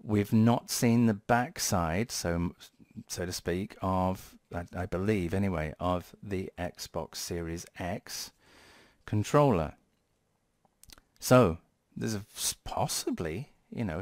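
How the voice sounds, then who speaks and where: Guy rambling about tech, real low voice, dry close sound, keeps correcting himself. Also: darkish tone, no echo. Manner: rambling, self-correcting, playful. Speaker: tech channel host. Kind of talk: casual vlog commentary.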